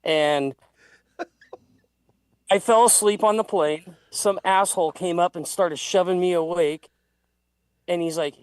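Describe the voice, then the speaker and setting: A man's voice: high voice, moderate pace, long pauses, no echo. A man telling a heated, profane story in a casual livestream chat. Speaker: guest.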